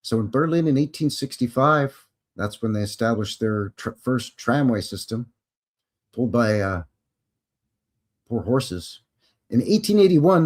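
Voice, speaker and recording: A male host talks through history on a live stream in a loose, chatty way, full of jokes and side remarks. His voice swings widely in pitch as he rambles. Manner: chatty, joking, rambling asides.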